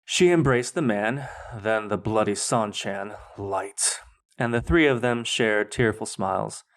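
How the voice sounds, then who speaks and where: A man reads his own fantasy story aloud with measured, dramatic narration. His voice sits on the low side. He is the host of a podcast. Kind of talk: reading fan fiction aloud.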